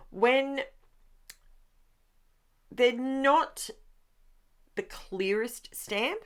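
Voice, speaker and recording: Chatty woman narrating a craft video. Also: lowish voice. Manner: chatty and rambling, corrects herself mid-sentence. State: sleepy, yawning. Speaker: craft channel host. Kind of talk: casual voice-over for a craft process video.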